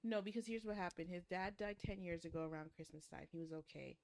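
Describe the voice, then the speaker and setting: A woman's voice: on the low side, vocal fry. Teasing woman recapping a book. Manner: teasing, quick to joke and recap plot. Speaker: book podcast co-host. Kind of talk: casual chat.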